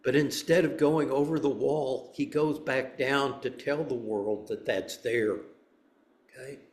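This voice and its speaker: A man's voice: medium pitch, fairly even intonation, a little slow. Man giving a rambling dharma talk, echoey. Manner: conversational, rambling with restarts. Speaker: meditation teacher.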